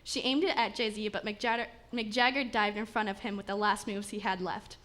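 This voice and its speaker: A woman's voice: medium pitch, steady tone, brisk, a bit bright. A woman narrating a comic fairy tale aloud, with small stumbles and restarts as she reads. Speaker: story narrator. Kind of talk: reading a comic story aloud.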